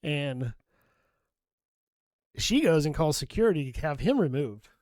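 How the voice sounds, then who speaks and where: Middle-aged man, profane animated storyteller. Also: a little high, a little slow, no room sound, clean studio sound. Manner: animated storyteller, swears freely, acts out quoted dialogue. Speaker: nurse and podcast co-host. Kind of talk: casual podcast storytelling.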